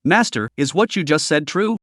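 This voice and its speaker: A man narrating a manhwa recap story in a flat, stilted reading of a rough translation. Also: on the high side, normal speed, no room sound, studio quality.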